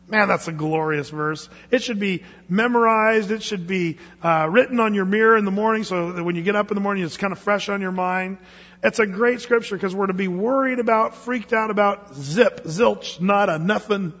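A man's voice: sits high, normal speed, fairly bright tone. A man preaching a sermon to a congregation in a conversational, joking way, asking them questions. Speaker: pastor. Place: church sanctuary. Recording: echoey hall, dull lo-fi sound.

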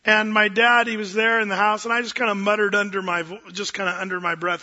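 A man preaching a sermon as a pastor, telling a folksy story with gentle self-deprecating humor. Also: high-pitched, flat delivery, fast. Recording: dull lo-fi sound with long hall reverb.

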